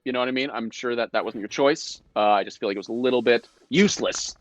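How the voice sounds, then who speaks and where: A man's voice: medium pitch, fast talker, dry recording, dull audio. A man, a guest actor on a live video call, telling behind-the-scenes stories in a casual chat with playful mock indignation. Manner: animated storyteller, mock-indignant self-defense. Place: home, indoors.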